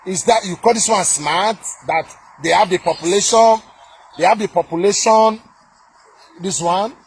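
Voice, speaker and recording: Husky scornful Nigerian man ranting. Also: high-pitched, moderate pace. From southern Nigeria. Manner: scornful, repetitive, hesitant with many fillers. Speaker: commentator reacting to a video. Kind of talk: heated political rant.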